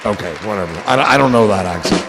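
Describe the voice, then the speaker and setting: A man's voice: low-pitched, fast talker, vocal fry, big-room sound, over music, crowd noise. A man hosting a livestream in casual chat, rambling and joking with a loose, swearing manner. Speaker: livestream host.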